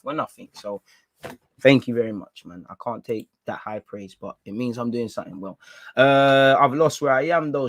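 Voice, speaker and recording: A man with a London accent hosting a football fan channel, chatting casually and excitably with plenty of slang. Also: mid-range voice, no room sound. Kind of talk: casual fan reaction commentary.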